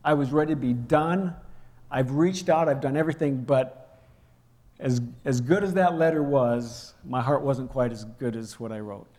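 A pastor tells a personal story during his sermon, acting out the raised voices and shouting within it. He speaks at a moderate pace in a medium-pitched voice, and the recording carries a long hall reverb.

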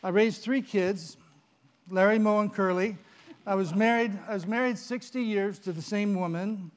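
A man's voice: high-pitched, normal speed, lightly acted. A man voicing an anxious man who pleads and lists his good deeds to get into heaven. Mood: boasting. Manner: boastful then desperate, pleading.

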